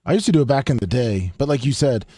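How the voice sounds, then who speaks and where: A man's voice: mid-range voice, expressive, fast, dark tone, breathy edge, no echo, clean studio sound. Easygoing man discussing sports picks. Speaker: sports show co-host. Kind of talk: casual sports talk.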